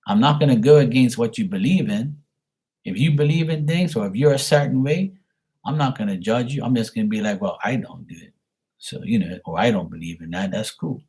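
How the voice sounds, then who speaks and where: A man's voice: mid-range voice, a little mellow. Blunt, profane man ranting. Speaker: psychic livestream host. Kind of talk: casual livestream talk.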